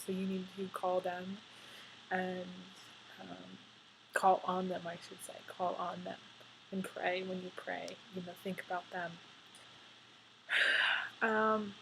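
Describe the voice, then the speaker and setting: A woman's voice: lowish voice, little pitch movement, slow pace, vocal fry, pauses often, background noise. Emotional rambling woman tarot reader. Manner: rambling, many fillers and restarts, emotional. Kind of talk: casual spoken tarot reading.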